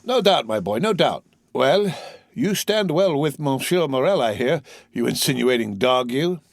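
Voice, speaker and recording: A greedy young tailor with a broad Marseille accent, as a man puts him on, pitched noticeably higher than the reader's own voice. He is overly hearty and fawning, with an insinuating edge under the friendliness. His delivery swings widely in pitch in this audiobook. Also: lively intonation, measured pace, no room sound, studio quality.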